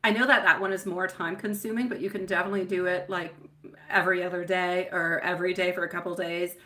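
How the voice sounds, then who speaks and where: A woman's voice: lowish voice, flat delivery, fast, bright, forceful tone. A woman in her thirties giving a live-stream tarot reading, chatty and affectionate, calling viewers sweetie and my love.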